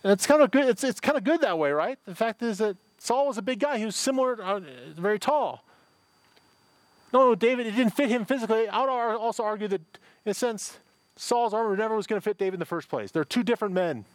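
Middle-aged pastor guy preaching, kinda high voice, casual rambly asides, dry close mic. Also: fast, no echo. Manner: conversational preaching with asides and repetitions. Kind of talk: sermon. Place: church service with a parking-lot and online audience.

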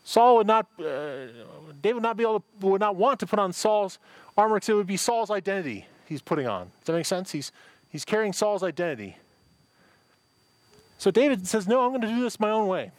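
A middle-aged man gives a sermon in a rather high voice. He reads scripture and then breaks into loose, chatty asides. The sound is dry and close, with no room echo. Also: lively intonation, brisk. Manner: conversational preaching with asides and repetitions. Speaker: pastor. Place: church service with a parking-lot and online audience.

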